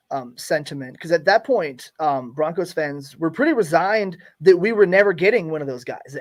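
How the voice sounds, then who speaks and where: A man co-hosting a casual sports podcast, laid-back and explanatory, with lots of ums. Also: on the high side. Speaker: podcast co-host.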